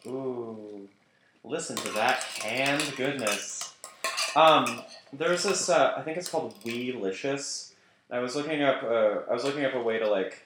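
A man's voice: fairly low pitch, noisy background. British man, podcast co-host, jokey cooking chat, echoey room. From Britain. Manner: joking, laughs often. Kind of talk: casual chat while cooking.

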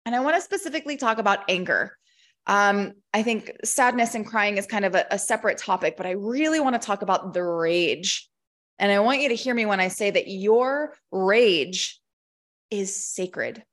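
A woman's voice: mid-range voice, animated, normal speed, fairly bright tone. A woman in her thirties giving an impassioned, emphatic motivational monologue as a coach, swearing freely. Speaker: women's empowerment coach.

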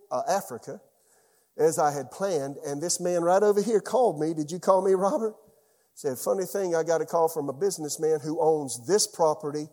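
A man preaching as a church pastor, telling a personal story in an animated way and often dropping suddenly to a quiet voice. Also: on the high side, in a large hall. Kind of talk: sermon.

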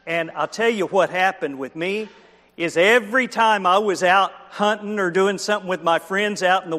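A man with a high, fairly bright voice delivers a children's sermon, telling a story with animation, acting out each character and asking his listeners questions. A long hall reverb surrounds the recording.

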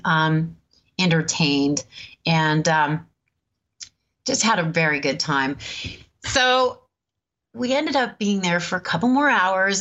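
A woman in her fifties telling a personal story in a relaxed, chatty way, laughing often and pausing with many ums. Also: fairly low pitch, dull audio. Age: 50s. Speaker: host. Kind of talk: storytelling talk.

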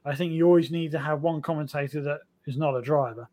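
A man's voice: a little high, steady tone, fast talker, warm tone. A man chatting as a podcast guest, enthusiastic and rambling, with plenty of fillers. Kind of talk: casual chat.

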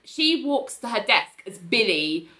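Woman, podcast co-host, animated retelling, bright and lively. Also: a little high, measured pace, a little hiss or hum. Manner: animated, laughs often, acts out quoted lines. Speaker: podcast co-host recapping a TV episode. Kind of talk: casual chat, retelling scenes.

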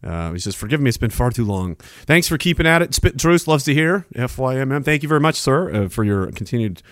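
Brief: middle-aged man, livestream host, lively up-and-down delivery, dry close mic. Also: medium pitch, a little fast, no echo. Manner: rambling, joking, reads chat aloud. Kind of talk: casual livestream chat. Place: home studio. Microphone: boom-arm studio mic.

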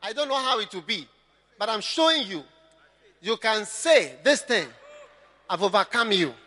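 A male pastor preaching a sermon, impassioned and often shouting, sometimes mimicking his listeners. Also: high voice, big pitch swings, normal speed, in a large hall.

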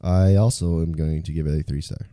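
Dark-voiced laughing podcast host, a man. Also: extremely low pitch, fairly even intonation, brisk, no room sound, studio quality. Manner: laughs often, playful. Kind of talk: casual movie review chat.

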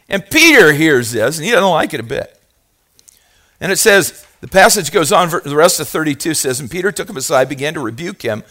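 A man preaching a sermon as pastor, moving from quiet asides to loud, fervent passages and asking the congregation questions. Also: a little high, expressive, fairly quick. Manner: talks directly to the congregation with questions.

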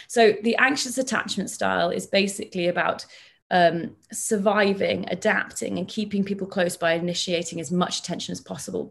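A woman clinical psychologist explaining ideas in a relaxed interview, measured and thoughtful, using everyday examples. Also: lowish voice, creaky.

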